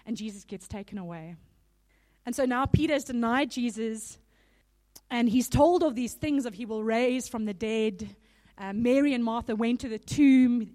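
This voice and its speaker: A woman giving a sermon in a casual, animated storytelling manner. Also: on the high side, normal speed. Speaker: speaker. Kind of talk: conversational sermon.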